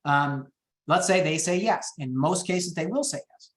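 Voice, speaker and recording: A man coaching real estate agents on phone scripts, talking fast and upbeat and acting out the calls. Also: a bit bright, roomy sound. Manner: high-energy, quick, acts out phone calls. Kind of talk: teaching sales scripts in a webinar.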